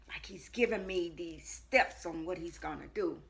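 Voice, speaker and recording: A woman with a low, gravelly voice that still cuts through sharp and bright. She tells her personal testimony with earnest repetition and swings between hushed lines and loud ones. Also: normal speed, few pauses. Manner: earnest storytelling with frequent repetition. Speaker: life coach.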